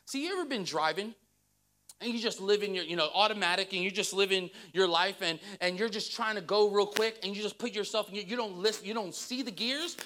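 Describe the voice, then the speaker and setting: A woman pastor preaching a sermon, reading scripture and joking with the congregation in a lively way. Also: mid-range voice, a little fast.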